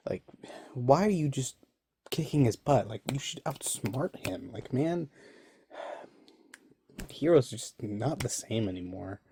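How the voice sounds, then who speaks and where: A man's voice: mid-range voice, lively intonation, slow, pauses often, warm tone, a little hiss or hum. A young man casually recapping an episode, rambling and laughing often. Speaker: online reviewer.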